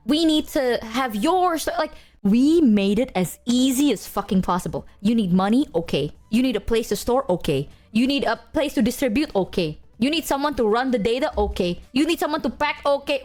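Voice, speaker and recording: A woman streamer chatting casually to her viewers, ranting emphatically and swearing often. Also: on the high side.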